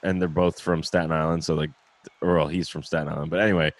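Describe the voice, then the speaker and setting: Brief: deep-voiced young podcast host, laid-back and sweary, dry close sound. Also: male voice, level tone, fast talker, no echo. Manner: laughing, loose, swears freely. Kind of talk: casual chat.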